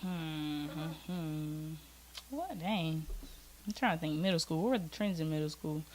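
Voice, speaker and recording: A woman's voice: low voice, animated, unhurried, darkish tone, a little hiss or hum. Candid young Southern woman chatting. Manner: candid, laughs often. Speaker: guest. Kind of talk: casual chat.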